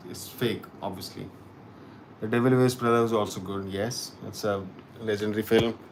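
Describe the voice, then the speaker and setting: Host: man, lower voice, relaxed stream chat, restarts a lot as he thinks. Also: gravelly, background noise. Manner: halting and musing, with frequent restarts. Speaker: host of a live chat show. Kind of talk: casual live-stream chat answering viewer comments.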